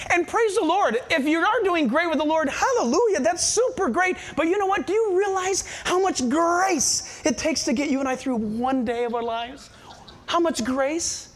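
A middle-aged man, preaching a sermon and asking the congregation questions. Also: very high-pitched. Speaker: pastor.

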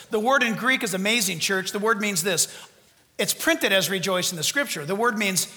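A fervent man preaching to his church, his voice very high and bright. He is loud and exuberant, tosses in jokes, and his words ring through a long reverberant hall. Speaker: pastor. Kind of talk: sermon. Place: church sanctuary.

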